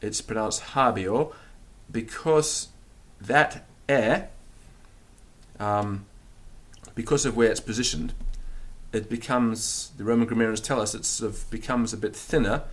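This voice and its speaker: A man teaching a recorded grammar lesson, explaining and repeating words slowly so they can be drilled. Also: fairly low pitch. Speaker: language teacher.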